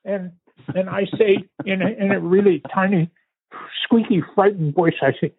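A man's voice: sits high, steady tone, husky, no echo. Older man telling a story over a tinny line. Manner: unhurried, vivid storytelling with pauses and restarts. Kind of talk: recounting a family story in conversation. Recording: tinny phone-like line, dry.

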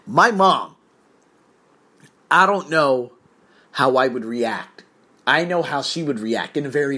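A man's voice: fairly high pitch, bright, forceful tone, breathy edge. A man telling a blunt, profane personal story in a confessional monologue.

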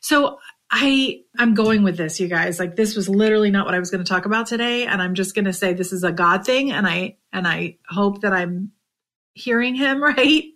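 A woman hosting a podcast, talking without a script in an earnest, heartfelt way; she is tired and emotional, and often drops to a soft near-whisper. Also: mid-range voice, fairly quick. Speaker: podcast host and direct sales coach. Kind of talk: unscripted motivational podcast monologue.

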